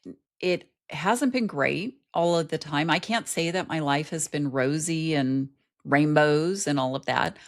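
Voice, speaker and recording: A middle-aged woman, a life coach, talking earnestly as a guest in an interview and telling personal stories. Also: low-pitched. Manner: earnest storytelling. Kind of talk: conversational interview.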